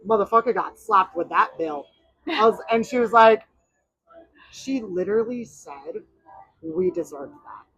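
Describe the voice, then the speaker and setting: A woman podcast host and bartender telling blunt, animated bar stories in casual chat. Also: medium pitch, unhurried, long pauses, breathy edge, muffled recording. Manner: blunt and animated storyteller, swears freely.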